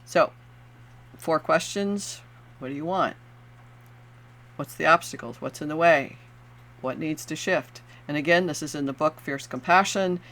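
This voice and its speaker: An older woman, a coach and podcast host, giving a solo talk to the audience in an earnest, animated way, with affirming asides and frequent restarts. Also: deep voice, a little slow, pauses often.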